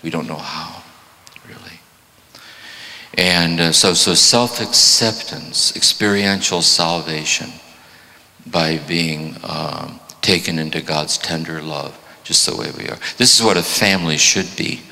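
A man's voice: deep voice, measured pace, vocal fry, bright, forceful tone. A man in his seventies giving a reflective spiritual talk, often repeating phrases for emphasis. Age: 70s. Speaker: spiritual teacher. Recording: long hall reverb.

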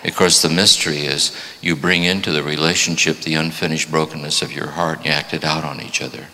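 Man in his seventies, deep voice, spiritual talk, reflective, long echoing hall. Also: steady tone, fairly quick, creaky, bright, forceful tone, a little hiss or hum. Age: 70s. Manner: reflective, repeating phrases for emphasis. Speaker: spiritual teacher.

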